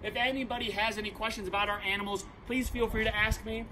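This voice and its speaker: Male park ranger, high voice, projecting to a crowd outdoors, heard from a distance with loud noise around. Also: steady tone, fast. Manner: projecting, upbeat, leads call-and-response. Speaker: park ranger giving a talk.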